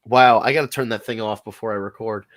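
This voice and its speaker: A man hosting a podcast in casual, animated chat, profane and quick with asides. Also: lowish voice, no room sound. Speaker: podcast host.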